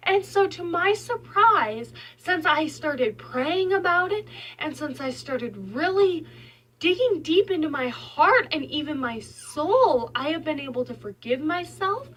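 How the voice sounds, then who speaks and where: A woman's voice: high voice, animated, measured pace, a bit bright. A young mother of five sharing a heartfelt, faith-filled vlog from her bedroom, talking earnestly and with emotion. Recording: voice slightly distant from mic.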